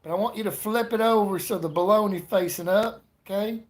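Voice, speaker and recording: A man voicing a loud redneck customer with a Southern accent, shouting and stretching his words out slowly. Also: high-pitched, pitched above the performer's own voice, close to an everyday voice. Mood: demanding. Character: loud drawling redneck man ordering at a drive-through.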